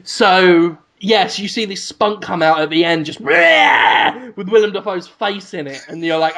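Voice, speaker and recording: A man co-hosting a comedy podcast, pitching a made-up film in a rambling, animated way. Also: a little slow, few pauses. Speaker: podcast co-host. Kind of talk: comedic storytelling chat.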